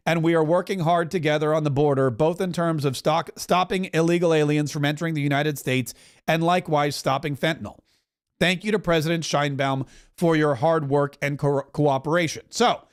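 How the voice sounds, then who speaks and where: A man hosting a political talk show, giving opinionated, animated commentary and mockingly acting out the words of others. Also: fairly high pitch. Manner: animated, mocking, does quick voices for others.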